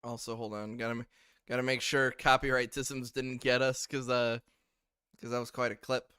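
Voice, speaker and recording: A man hosting a podcast in an animated, laughing casual chat. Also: mid-range voice, normal speed. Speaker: podcast host.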